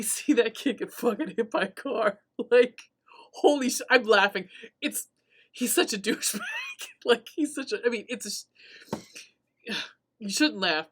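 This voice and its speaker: A woman hosting a podcast, casually recapping a horror movie, swearing freely and laughing often as she tells the story. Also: mid-range voice. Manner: profane, laughing, animated storytelling. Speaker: podcast host.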